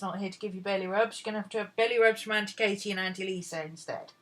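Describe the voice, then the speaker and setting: A woman's voice: medium pitch, rapid-fire, hardly any pauses. A woman chatting casually at home and cooing baby talk to her dog. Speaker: art vlogger. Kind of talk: casual chat.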